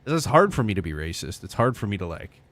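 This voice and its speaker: A young man streaming a game live, chatting loosely and excitably with viewers. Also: on the low side, fast. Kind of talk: casual live-stream chat.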